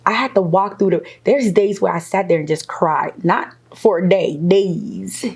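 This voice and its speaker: A woman's voice: lowish voice, unhurried, breathy edge. A middle-aged woman, a guest in an interview, telling her own story with candid energy, laughing often. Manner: animated, laughs often, acts out quoted voices.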